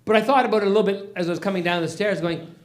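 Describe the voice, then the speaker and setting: A man's voice: high voice, rapid-fire. A man doing a crude stand-up set at an open mic, stumbling and rambling between jokes. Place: small comedy venue.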